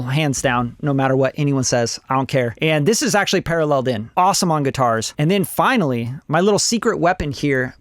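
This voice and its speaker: A man's voice: fairly high pitch, no room sound, clean studio sound. A young adult man, a music producer, walking through a mix in an enthusiastic, casual tutorial style. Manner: enthusiastic, gushing, conversational.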